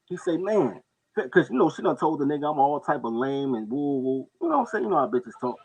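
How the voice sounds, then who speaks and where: A man spins a street story with a lively, swooping delivery, his voice husky and a little raised in pitch. He tells it casually and acts out the people in it along the way. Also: brisk, poor audio. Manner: animated storyteller, jumps into high-pitched voices for others. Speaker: podcast co-host telling stories.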